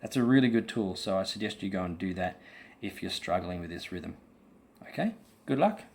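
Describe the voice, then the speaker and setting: A man with a somewhat low voice teaches a guitar lesson, explaining note values step by step. He talks patiently, pausing on ums, and counts the beats aloud. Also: a little mellow. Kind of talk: explaining rhythm in an online lesson.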